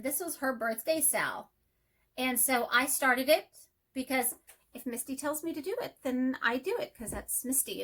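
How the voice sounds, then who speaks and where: A woman chatting excitedly about her cross-stitch projects in a casual home vlog, speeding up when enthusiastic. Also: sits high. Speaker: cross-stitch vlogger and teacher. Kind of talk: casual show-and-tell vlog.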